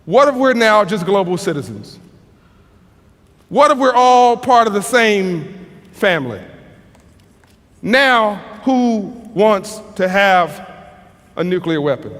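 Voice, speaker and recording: An American man telling a story as a motivational speaker, earnest, with frequent restarts and dramatic pauses. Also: high-pitched, big pitch swings, a bit bright. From United States. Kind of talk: storytelling speech. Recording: long hall reverb.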